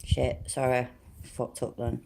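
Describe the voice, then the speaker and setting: A woman's voice: very deep voice, little pitch movement, slow pace, creaky, background noise. A woman hosting a commentary channel, blunt, sweary and sarcastic in casual reaction talk.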